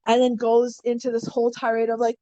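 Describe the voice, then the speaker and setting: High-voiced woman telling a story, blunt, lots of swearing, dry close sound. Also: fast talker, no echo, highs cut off. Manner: animated, acts out quotes with big pitch swings. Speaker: podcast guest. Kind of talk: storytelling in casual chat.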